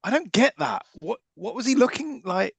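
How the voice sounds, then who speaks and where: A man co-hosting a podcast, wry and quick, often restarting his sentences. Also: extremely high pitch, animated, creaky, breathy edge, no echo. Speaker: podcast co-host. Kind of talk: casual film review chat.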